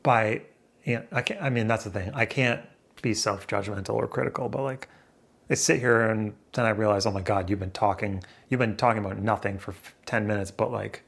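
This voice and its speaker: Gravelly guy rambling to his camera at home, self-mocking, swears a lot. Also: lowish voice, a little fast, a bit bright. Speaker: vlogger. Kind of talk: rambling solo daily vlog. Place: room indoors near a window. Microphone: camera in front of him, seated.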